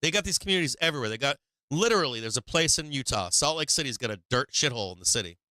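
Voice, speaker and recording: A man's voice: mid-range voice, animated, racing, pushed and bright, no echo. A man hosting a stock market live stream, ranting bluntly and profanely in a casual, preachy way with frequent laughs.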